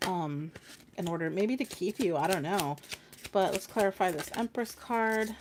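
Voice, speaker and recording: A woman's voice: on the low side, background noise. A young woman doing a casual livestream tarot reading, chatty and swearing casually, often laughing. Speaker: tarot reader.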